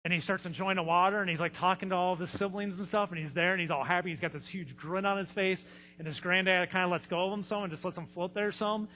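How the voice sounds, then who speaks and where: A man's voice: high-pitched, steady tone, fast, bright, forceful tone, in a large hall, a little hiss or hum. A man preaching a sermon as a pastor, telling stories in a conversational way with frequent fillers. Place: church sanctuary.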